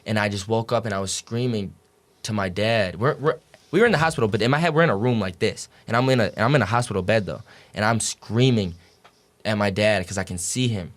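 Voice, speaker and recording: A man's voice: on the low side, fairly quick, fairly bright tone. A young man telling a story as a podcast guest, casual and profane, packed with "like" and "dude".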